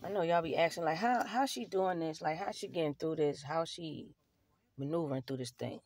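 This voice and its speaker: A young woman vlogger tells her own story to camera, candid and street-casual, blunt and profane, with plenty of swearing and fillers. Her voice is low-pitched and a little mellow, a little fast, with no room sound.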